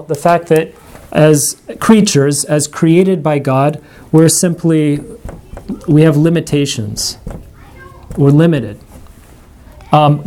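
A man's voice: on the high side, dark tone. A man giving a classroom lecture to a small group, thinking aloud with frequent restarts and asides. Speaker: religion class teacher.

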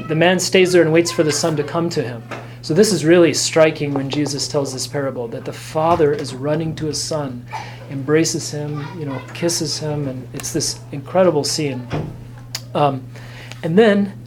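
Guy teaching about church, gentle and earnest, short phrases, faint hum behind. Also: on the high side, normal speed. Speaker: Orthodox Christian speaker. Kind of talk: informal teaching talk.

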